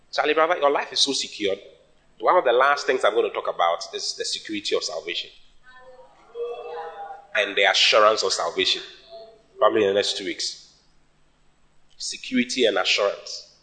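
A man preaching a sermon in English, which is not his first language; he is emphatic and his voice jumps up in sudden high bursts. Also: pushed and bright. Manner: sings a hymn line at the start.

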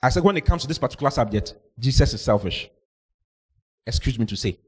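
A male pastor preaching a lively sermon, reading scripture and acting out the people in it, sometimes shouting. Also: mid-range voice, fast, husky. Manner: animated, shouting out and acting out Bible characters.

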